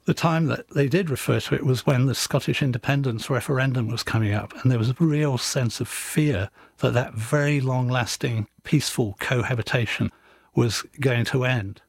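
Measured storytelling author guest. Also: male voice, mid-range voice, gravelly, slightly rough, no room sound. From England. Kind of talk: radio interview.

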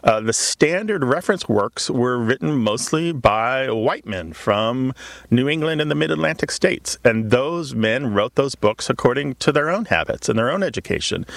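A man's voice: medium pitch, vocal fry, a bit bright, dry recording. A man hosting a radio call-in show, explaining language to a caller with enthusiasm.

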